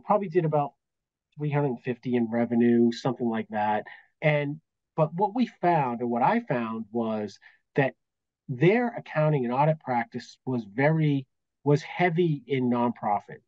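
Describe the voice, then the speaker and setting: A man's voice: medium pitch, lively intonation, normal speed, no room sound, dull audio. Boston-accented man telling stories. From Massachusetts, US. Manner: anecdotal, acts out quoted dialogue. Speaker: guest, business valuation accountant. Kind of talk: casual interview storytelling.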